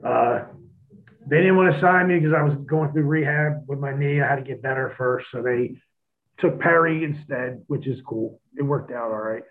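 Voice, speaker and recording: A man's voice: mid-range voice, normal speed. A man, a former pro wrestler, chatting as a guest and telling stories with a lot of swearing, acting out what he said back then. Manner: profane, animated storytelling, acts out his own past lines. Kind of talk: casual podcast chat. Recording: tinny phone line.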